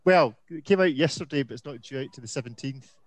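A man's voice: mid-range voice, quick pace, no room sound. A man hosting a casual live video-call chat, easygoing and self-deprecating, often tripping over his words. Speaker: host.

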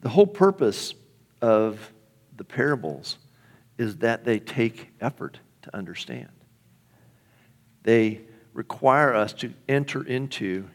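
A man's voice: fairly low pitch, creaky. A middle-aged male pastor preaching a sermon in a conversational way, often asking the congregation questions.

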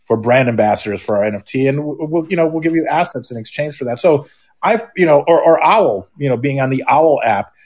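A man's voice: mid-range voice, lively intonation, brisk, darkish tone. A middle-aged man, a podcast guest, talking casually and rambling, with many restarts and fillers. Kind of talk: casual chat.

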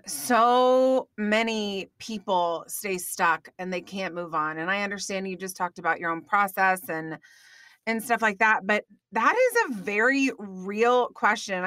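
A woman hosting a podcast interview, speaking in an emotional, earnest way with halting phrasing. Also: mid-range voice, sharp tone, no echo, studio quality. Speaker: podcast host.

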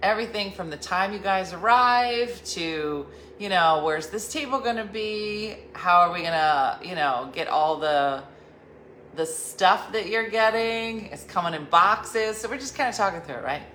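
A woman's voice: medium pitch, animated, unhurried, fairly bright tone, a little hiss or hum. Rambling, jokey woman in a roomy space. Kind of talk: casual chat. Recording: roomy echo with faint ambience.

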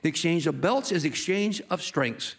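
A preacher delivers a sermon in a fairly high, slightly rough voice with vocal fry, speaking animatedly at normal speed. He tells the story with energy, acts out its characters, and now and then jokes with his congregation.

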